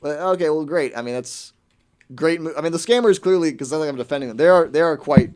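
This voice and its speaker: A man's voice: a little high, quick pace, darkish tone. A man hosting a radio show, ranting in casual comedic chat with a mocking, incredulous manner.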